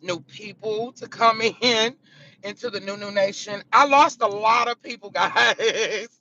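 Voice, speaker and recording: A woman's voice: medium pitch, unhurried, gravelly, sharp tone, a little hiss or hum. A woman content creator chatting candidly and profanely in a casual vlog from a car, laughing often. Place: in a car on the way to work. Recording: dull lo-fi sound.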